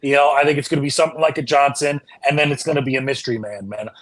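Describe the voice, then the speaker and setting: A man's voice: mid-range voice, very fast. A man on a video call as a panelist, chatty and analytical, often saying "man". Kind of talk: casual fan-show chat.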